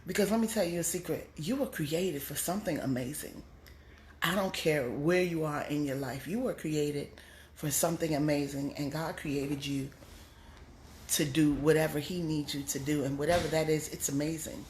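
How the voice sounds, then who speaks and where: A woman's voice: moderate pace, a little mellow, roomy sound, a little hiss or hum. Blunt, scolding woman preaching self-help. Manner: blunt, scolding, swoops up high for emphasis. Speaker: comedian giving a motivational talk. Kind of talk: preachy motivational monologue.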